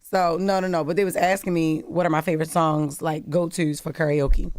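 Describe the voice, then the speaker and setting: A woman from Maryland with a deep, raspy voice, co-hosting casual morning radio banter in a studio, animated and quick to laugh. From Maryland, USA. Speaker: radio co-host. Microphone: studio microphone.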